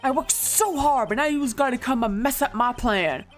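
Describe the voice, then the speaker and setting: A woman's voice: sits high, normal speed, faint music behind, pitched above the performer's own voice, lightly acted. Woman doing a bullying gangster in a tiger suit. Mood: threatening. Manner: bullying, threatening, broken grammar. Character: loud brash gangster man in a tiger suit. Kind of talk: game text read aloud with voices.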